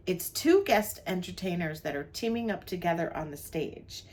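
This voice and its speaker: An older woman with a low-pitched voice chats her way through a travel vlog, running down the day's plans in a relaxed, friendly way. She is from New Jersey and co-hosts with her husband. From New Jersey, USA. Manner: chatty, lists the day's plans. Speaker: vlog co-host. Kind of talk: casual travel vlog chat.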